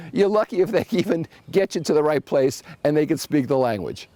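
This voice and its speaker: A man hosting a solo podcast, telling wry anecdotes with animated asides. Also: on the high side, normal speed, dry recording. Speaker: podcast host.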